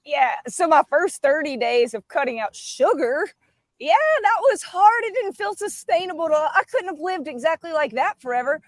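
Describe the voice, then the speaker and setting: A woman's voice: high-pitched, animated, a little fast, few pauses, no room sound. A middle-aged woman, talking with emphatic enthusiasm as a guest on a live stream. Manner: fired up and emphatic. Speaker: guest speaker.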